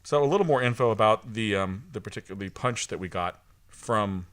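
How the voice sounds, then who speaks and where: Man, podcast co-host, casual chat, jokey, fast, bright lower voice. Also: animated. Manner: laid-back, jokey, quick-talking.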